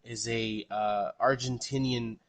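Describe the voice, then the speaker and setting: Male podcast host, mid-pitched voice, loose rambling delivery with restarts and casual swearing. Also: steady tone, slow pace.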